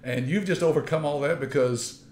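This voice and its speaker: A man hosting a promotional interview, encouraging and quick to laugh. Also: fairly high pitch, darkish tone, a little hiss or hum. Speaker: interviewer host. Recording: echoey room.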